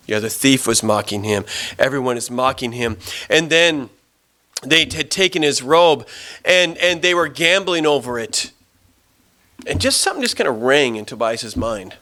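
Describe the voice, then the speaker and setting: A male pastor preaching a sermon and retelling a story in an animated, dramatic way. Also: medium pitch, normal speed.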